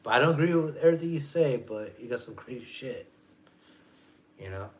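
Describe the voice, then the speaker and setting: A man's voice: mid-range voice, lively intonation, brisk. Profane rambling man in his forties. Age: 40s. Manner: profane, rambling, loose street slang. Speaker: vlogger. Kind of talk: casual rant.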